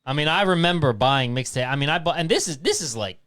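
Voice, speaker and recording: Chatty Maryland man with lively pitch. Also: quick pace, no room sound, studio quality. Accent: Maryland, slight Southern twang. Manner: chatty, swings from loud asides to muttering. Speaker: podcast host. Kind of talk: casual chat. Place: home studio.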